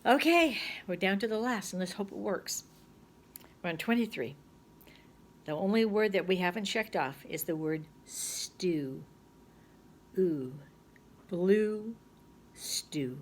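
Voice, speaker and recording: A middle-aged woman teacher giving a recorded phonics lesson, patient and chatty, thinking aloud and sounding words out slowly. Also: mid-range voice, expressive, a little hiss or hum.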